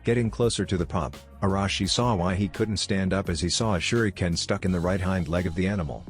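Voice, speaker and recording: A man narrating a fan fiction story in a steady, even reading. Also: low voice, a little fast, soft background music.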